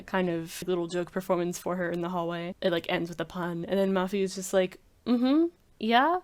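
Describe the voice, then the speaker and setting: A woman's voice: lowish voice, a little mellow. A woman rambling casually in a commentary video, filling her talk with frequent "like"s. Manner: rambling, heavy use of "like" fillers. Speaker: video creator.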